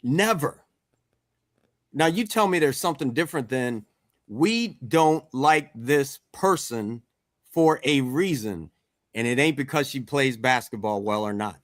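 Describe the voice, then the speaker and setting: A middle-aged man from Washington, D.C., leads a men's circle in candid group talk, speaking bluntly and emphatically, swearing some and repeating "let's get real." His mid-range voice is animated but measured, recorded in studio quality with no room sound.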